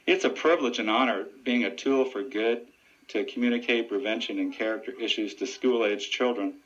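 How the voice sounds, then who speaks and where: A man's voice: medium pitch, a little fast. Earnest man, dull lo-fi radio sound. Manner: earnest, steady, informative. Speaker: deputy sheriff and ventriloquist. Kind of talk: radio interview answers.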